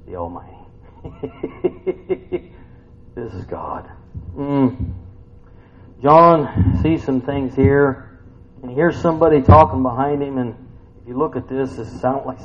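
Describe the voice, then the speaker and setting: A man teaching from the Bible in a casual, conversational sermon, reading verses aloud and musing with hums and rhetorical questions, swinging between loud bursts and hushed asides. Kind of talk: informal Bible study sermon. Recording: tinny phone-like recording with faint rumble.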